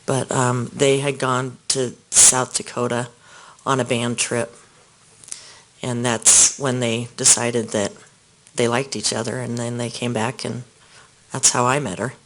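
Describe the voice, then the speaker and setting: A man testifying as a witness in a courtroom, speaking softly and haltingly with small restarts. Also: mid-range voice, little pitch movement, poor audio.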